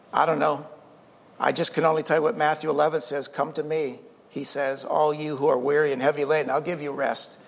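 A man's voice: fairly high pitch, creaky, fairly bright tone, big-room sound. A man preaching a sermon as a pastor, earnest, asking rhetorical questions and calling for amens.

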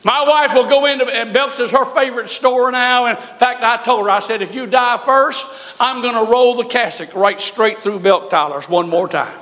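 High, bright-voiced older man preaching. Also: moderate pace. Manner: folksy storytelling preaching with humor. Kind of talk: sermon. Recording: long hall reverb.

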